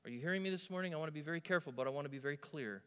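A man preaching a sermon, moving from soft asides to loud, emphatic declarations. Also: a little high, very fast, clean tone. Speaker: pastor. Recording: long hall reverb.

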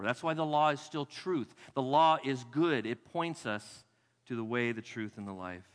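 A male pastor preaching a sermon in a church with emphatic delivery, repeating key phrases and dropping to a hush for weight. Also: mid-range voice, normal speed. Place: church sanctuary. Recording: long hall reverb.

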